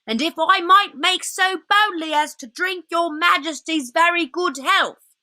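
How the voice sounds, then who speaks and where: A woman's voice: extremely high pitch, a little slow, pushed and bright, no echo, clean studio sound, voice pushed up, exaggerated voice. A woman voicing an old male fox who speaks politely and stammers with fear. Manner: stammering, deferential.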